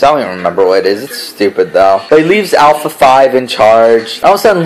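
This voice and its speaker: A man's voice: medium pitch, rough recording. A man giving a casual spoken review, ranting in an exasperated, profane way. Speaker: show reviewer.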